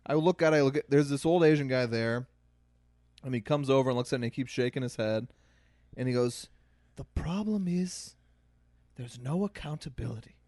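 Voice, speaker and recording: A man's voice: medium pitch, fairly even intonation, fast, a little mellow, no echo, studio quality. A man co-hosting a podcast, telling stories in an exasperated, casual way. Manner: storytelling, exasperated. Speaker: podcast co-host. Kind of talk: casual chat.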